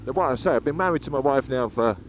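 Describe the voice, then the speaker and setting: Riding his motorcycle down the road, an Englishman offers casual, chatty commentary, cursing freely and wandering between subjects. He's a fast talker with a mid-range voice. The audio, from a helmet-mounted action camera, carries faint road and engine noise.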